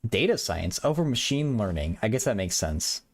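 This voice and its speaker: A man's voice: on the low side, big pitch swings, normal speed, husky, no room sound. A young man hosting a livestream, chatting casually with viewers, stuttering and repeating words, from a small apartment bedroom. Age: young adult. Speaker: livestream host.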